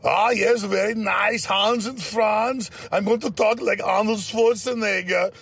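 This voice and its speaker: A pompous man in a thick, overdone German accent draws out every word, as a man mocks him. The voice sits higher than usual with a gravelly edge. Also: fairly even intonation, fairly bright tone, no echo, exaggerated voice. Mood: mocking. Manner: slow, exaggerated mock accent.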